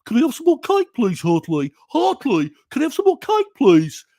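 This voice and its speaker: A man voicing a childlike, greedy puppet pig in a high, pleading, sing-song West Midlands accent. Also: wildly swooping pitch, normal speed, gravelly, warm tone, no room sound, clean studio sound, full character voice.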